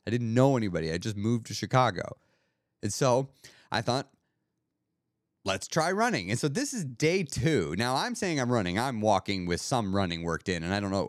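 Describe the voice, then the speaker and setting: A man hosts a podcast with an earnest, motivational, reflective monologue, thinking aloud with restarts. His voice is mid-range, and the studio sound is clean with no echo.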